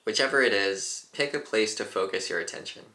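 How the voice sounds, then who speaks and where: Calm low-voiced man guiding meditation. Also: echoey room. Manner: calm, unhurried, gently instructive. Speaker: meditation teacher. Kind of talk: guided meditation.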